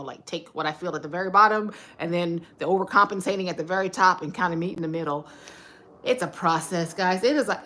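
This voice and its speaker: A woman's voice: lowish voice, a bit bright. A woman hosting a casual home livestream, talking through her thoughts in a reflective, conversational way with frequent fillers. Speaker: livestream host.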